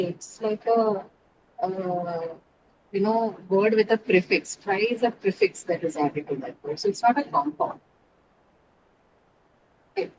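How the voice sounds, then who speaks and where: A woman's voice: a little high, background noise. A woman teaching an online English class, explaining step by step and often checking in with her students.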